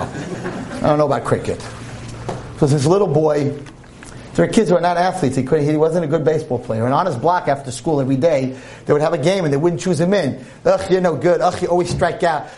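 A man giving a sermon to an audience in a room, animated and humorous as he tells a story. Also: medium pitch, a little hiss or hum. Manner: animated and humorous, with shifts in volume.

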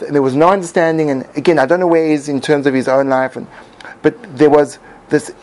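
A man's voice: on the high side, a little mellow, rough recording. A man giving a reflective talk as host, musing aloud with frequent restarts. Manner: musing, many restarts and fillers. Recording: faint background noise.

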